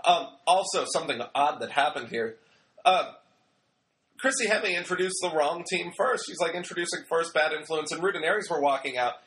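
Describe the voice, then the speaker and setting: A young man talks through a wrestling episode in a loose, rambling way, cracking jokes and slipping into quick impressions of what people said. His voice sits a little high and sounds bright and forward. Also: expressive. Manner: chatty, rambling, joking, acts out quotes. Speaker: wrestling show reviewer. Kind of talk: casual recap commentary.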